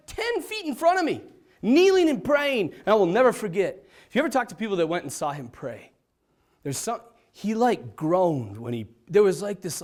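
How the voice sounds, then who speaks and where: A man, a priest, telling a personal story to an audience, swinging from hushed to excited. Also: very high voice. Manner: lively, dramatic swings from hushed to excited, laughs often. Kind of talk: animated storytelling talk to an audience.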